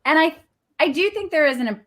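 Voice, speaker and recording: A woman guest on a casual business podcast, talking in an animated way, acting out quotes and laughing often. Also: high voice, fairly quick. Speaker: guest, playwright and theater founder.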